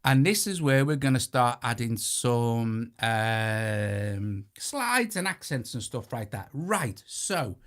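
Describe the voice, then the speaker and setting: A man's voice: medium pitch, very animated, slow, a bit bright. A man with a British accent hosting a hands-on synthesizer tutorial, talking casually and correcting himself as he presses buttons. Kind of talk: hands-on gear walkthrough. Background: synthesizer sequences playing.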